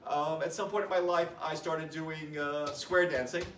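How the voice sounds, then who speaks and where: A man's voice: fairly high pitch, fairly even intonation, moderate pace, fairly bright tone, far from the mic. A middle-aged man, the son of the departed, gives a toast at a memorial gathering. He talks in a chatty, self-mocking way, laughs through his funny stories and sometimes falters with emotion. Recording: echoey room, speaker away from the mic, background noise.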